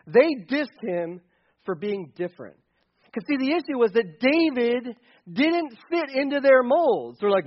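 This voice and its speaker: Chatty preacher guy, pretty high voice, kinda muffled lo-fi recording. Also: very animated, unhurried. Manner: chatty, joking, with restarts. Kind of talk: sermon. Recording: dull lo-fi recording.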